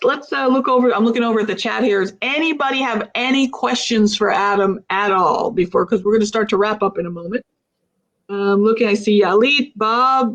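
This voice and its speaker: A woman hosting a coaching livestream interview, upbeat, laughing often and asking the audience rhetorical questions. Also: mid-range voice. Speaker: host.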